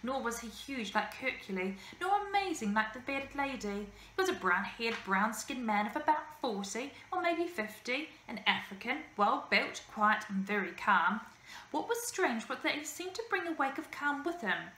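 Expressive woman reading a children's book. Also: fairly high pitch, moderate pace, slight background noise. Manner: lively, expressive storytelling. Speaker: teacher. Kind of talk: reading a children's novel aloud. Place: school room. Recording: echoey room, faint ambience.

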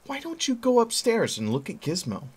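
A man's voice: extremely high pitch, huge pitch swings, moderate pace, breathy edge, pitched above the performer's own voice, full character voice. A man voicing a practical middle-aged mother with a light, amused manner. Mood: gentle.

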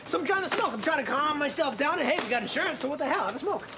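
A man's voice: very high-pitched, lively intonation, racing, heavy background noise. An actor playing a frantic, paranoid male mailroom clerk who rants in a rambling way in a sitcom. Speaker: mailroom worker. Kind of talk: sitcom acting.

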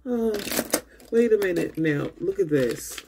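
A woman vlogging a makeup unboxing who gushes and talks straight to her viewers, tired and low on energy. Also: lively intonation, measured pace, music in the background. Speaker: beauty vlogger. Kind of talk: casual unboxing chat.

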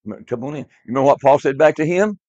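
A man's voice: medium pitch, lively intonation, rapid-fire, a little mellow, no echo. A man teaching a class Bible lesson, emphatic and repetitive, quizzing his students in a classroom. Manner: emphatic, repeats key words, quizzes the class. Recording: dull lo-fi, dry.

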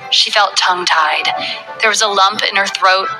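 A woman's voice: medium pitch, normal speed, sharp tone, low-quality recording. Woman narrating a romance novel over music. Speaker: audiobook narrator. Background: background music.

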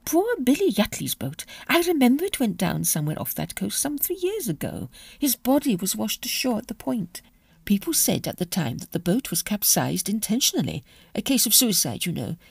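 A woman voicing a flustered, agitated aristocratic duchess with a high exclaiming voice and a slight gravelly edge. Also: very animated, moderate pace, no room sound, full character voice. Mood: gossipy. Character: flustered aristocratic duchess, middle-aged aunt.

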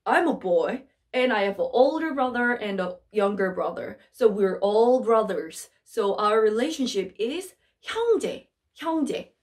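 Lively Korean-accented woman teaching vocabulary. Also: medium pitch. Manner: slow repetitive drilling of words. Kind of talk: vocabulary lesson.

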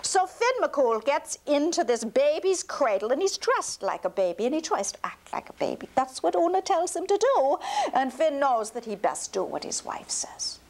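A woman's voice: sits high, very animated, normal speed, darkish tone. A woman telling a folk tale aloud to a child, slipping into whispers for suspense. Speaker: storyteller.

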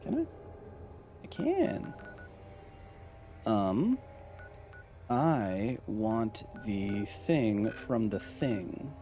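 A man with a fairly low voice chats loosely through a live game stream. He rambles and jokes with his viewers, with faint music running behind him. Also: sing-song, drawn-out words, mellow. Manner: rambling, joking, talking to chat. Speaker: streamer and science host. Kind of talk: casual live-stream gameplay chat.

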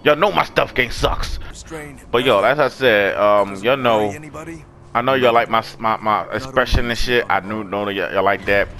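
A young man casually commenting on his gameplay, loud and excitable, cursing and trash-talking the enemies. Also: lowish voice, normal speed. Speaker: gaming channel host.

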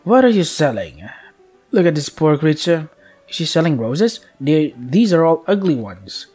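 A man's voice: on the high side, very animated, unhurried, a little mellow, husky, soft background music, exaggerated voice. A man voicing haughty, cruel noble ladies in a game, sneering in a sing-song manner. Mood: haughty mocking. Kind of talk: voicing a visual novel character.

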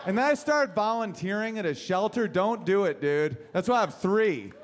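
A man doing a stand-up set in a comedy club, talking in an animated way, acting out voices and swearing casually. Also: high-pitched, normal speed, slight background noise. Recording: live club set with loud crowd laughter.

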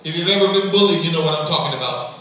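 A man's voice: fairly high pitch, racing, fairly bright tone. A man preaching a sermon to his church with passion, acting out voices as he goes. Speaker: pastor. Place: large church hall. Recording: echoey hall from far off, faint noise.

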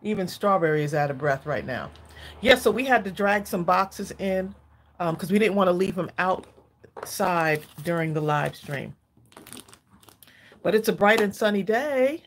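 A woman's voice: fairly low pitch, expressive, measured pace, slight background noise. A woman, chatting casually to viewers as a craft channel host from her home craft room, a little out of breath. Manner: chatty, addresses viewers as y'all. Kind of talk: casual live-stream chat.

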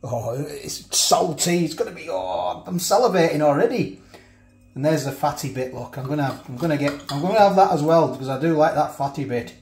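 A man's voice: on the high side, fairly quick, gravelly, a little mellow, roomy sound. A man chatting casually as he cooks and tastes food in a home kitchen. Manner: chatty, talks while chewing, frequent restarts. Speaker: food reviewer. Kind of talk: casual food review vlog.

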